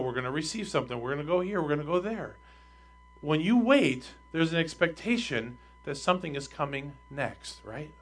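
A man with a high voice preaching to his church. He reads scripture aloud and explains it, pressing harder as he reads the verses. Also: slightly rough. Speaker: pastor. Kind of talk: sermon.

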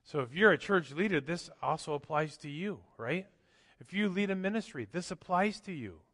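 A man preaching a sermon, his slightly high, bright voice swelling into loud emphatic lines and then dropping to quiet asides. The sound rings with long reverb from the church hall. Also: expressive, normal speed. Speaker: pastor.

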